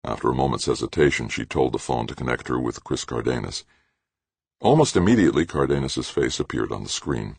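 Very deep, gravelly male narrator. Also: lively intonation, a little fast, darkish tone, no echo. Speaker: audiobook narrator. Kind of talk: scripted narration.

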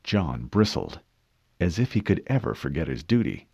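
A man narrating an audiobook in a steady, measured way. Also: low voice, gravelly, slightly rough, dry recording. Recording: dull dry studio read.

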